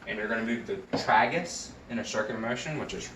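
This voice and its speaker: A young nursing student with a lowish voice talks fast as he walks through a health exam step by step in a recorded skills demonstration. He sounds hesitant, with frequent ums and uhs as he explains each step, while the mic is distant, picking up background noise in an echoey room with his voice coming from off-mic.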